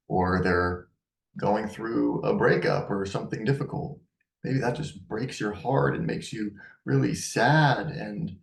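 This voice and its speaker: Low-pitched man as a direct, casual parenting educator; roomy echo. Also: creaky. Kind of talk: advice talk to camera. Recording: echoey room.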